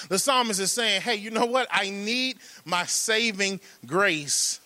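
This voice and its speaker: A man's voice: high voice, sharp tone, no echo. A man preaching a sermon, rhythmic and emphatic, repeating phrases, drawing out words, and turning to the congregation with folksy asides.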